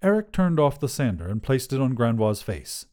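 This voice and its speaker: A man narrating a short fiction podcast in a measured, scripted way. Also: mid-range voice, big pitch swings, a little mellow.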